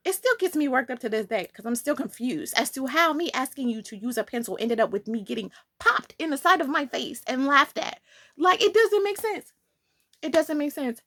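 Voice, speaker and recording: A woman vlogger telling a school story in a dramatic, animated way, talking straight to her viewers. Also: high voice.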